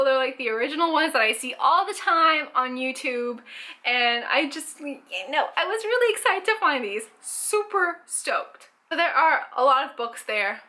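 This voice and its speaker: A woman's voice: high-pitched, bright, forceful tone. A young Canadian woman chatting enthusiastically about her book haul in a casual vlog, with lots of fillers. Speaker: book vlogger.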